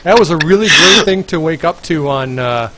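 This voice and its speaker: A man hosting a livestream, talking casually and reacting excitedly while he plays a game. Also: fairly high pitch. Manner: excitable, quick to react and laugh. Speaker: livestream host playing a game. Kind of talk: casual stream commentary. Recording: noisy stream audio.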